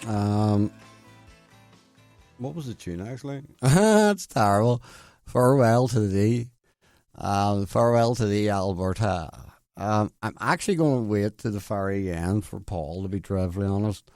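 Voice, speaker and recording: A man's voice: fairly low pitch, lively intonation, a little slow, a little mellow, no room sound, studio quality, soft background music. A man hosting a late-night radio show in casual chat, rambling and self-deprecating, stumbling over names. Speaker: radio host. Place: radio studio.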